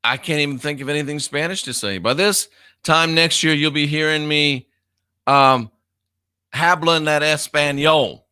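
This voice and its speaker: A man in his fifties runs a casual live stream, reading out viewer comments with blunt, profane remarks. His voice is bright and forceful, with a crisp, clear tone. The sound is dry, with no room echo. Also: fairly high pitch, normal speed. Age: 50s. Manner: blunt and profane, reads comments aloud and laughs often.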